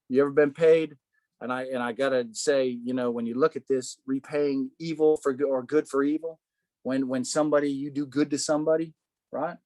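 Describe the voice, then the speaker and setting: Man, Bible study teacher, animated, rhetorical questions, dry close sound. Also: medium pitch, dry recording.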